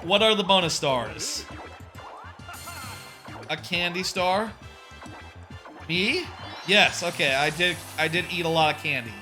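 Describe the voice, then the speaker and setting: A young man rambles through casual gameplay commentary, high-pitched and bright, piling up fillers and tossing in the odd curse. Faint game music plays underneath his voice. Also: lively intonation, slow pace, pauses often. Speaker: charity streamer.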